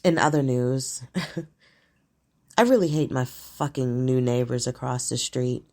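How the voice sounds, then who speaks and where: A woman's voice: rumbling low, slow pace, darkish tone. A woman hosting her own show, talking through current events in a casual, blunt, profane monologue and laughing often.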